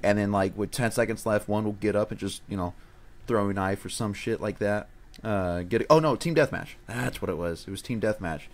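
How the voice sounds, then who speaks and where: A young man with a fairly low voice who reminisces haltingly, repeating words while he searches for the right ones. He sounds loose and unscripted over an online voice call. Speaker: podcast co-host. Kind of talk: casual chat.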